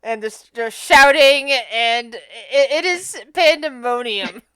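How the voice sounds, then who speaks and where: A woman's voice: on the high side, slow, sharp tone. A woman running a tabletop game as game master, stammering and restarting as she narrates.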